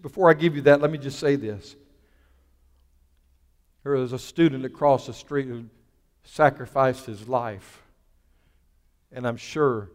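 A male pastor delivering an impassioned sermon in a church, swinging between loud preaching and a hushed, soft voice. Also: medium pitch. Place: church sanctuary. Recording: long hall reverb with faint music.

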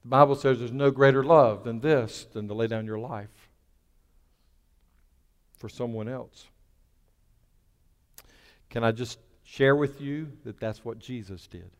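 A man's voice: mid-range voice, a little slow, long pauses. Man preaching in a reverberant church. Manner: impassioned preaching that drops to a hushed, soft voice. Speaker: pastor. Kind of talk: sermon. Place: church sanctuary. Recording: long hall reverb with faint music.

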